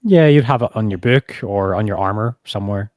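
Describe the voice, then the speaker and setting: Guy running a tabletop game, low mellow voice, dry close sound, laid back. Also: a little fast, no echo. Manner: relaxed, casual narration with fillers. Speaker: game master.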